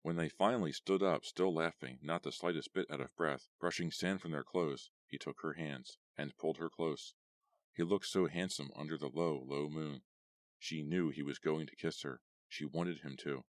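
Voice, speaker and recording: A man narrating a horror audiobook in a steady storytelling read. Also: rumbling low, normal speed, dry recording, studio quality. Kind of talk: scripted narration.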